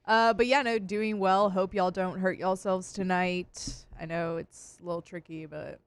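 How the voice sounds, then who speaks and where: A woman's voice: fairly low pitch, steady tone, measured pace, smooth. A woman on a sports radio show, teasing the hosts and laughing along. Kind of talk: casual banter. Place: radio studio.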